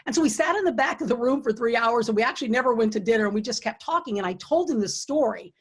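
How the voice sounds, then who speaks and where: Hosting a launch party for her book over a computer mic, a middle-aged woman with a slightly husky, a little high voice talks at a quick pace with lively intonation. She shares leadership advice and career stories in an earnest, encouraging way, turning hushed when she retells quiet moments.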